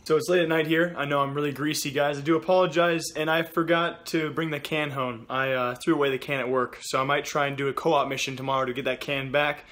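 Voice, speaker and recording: A man's voice: fairly high pitch, little pitch movement, fast talker, hardly any pauses, fairly bright tone. A young man vlogging casually to camera, upbeat and chatty, talking to his viewers as guys. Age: young adult. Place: at home, in a stairwell, at a gym.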